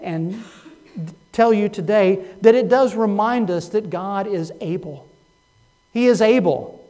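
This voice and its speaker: A man delivering a sermon in a slightly raised voice. He swings from hushed, reflective lines to loud, rising emphasis. He tells stories in a dry, humorous manner. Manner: swings between soft low asides and loud rising emphasis. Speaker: pastor.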